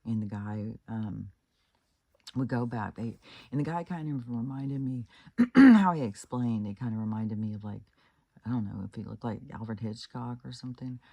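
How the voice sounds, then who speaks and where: A man from Kansas tells a creepy story in a loose, casual way, full of fillers and restarts. His voice is dark and mellow, with a husky edge. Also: mid-range voice, animated, normal speed, no echo. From Kansas, United States. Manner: rambling, many fillers and restarts. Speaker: channel host.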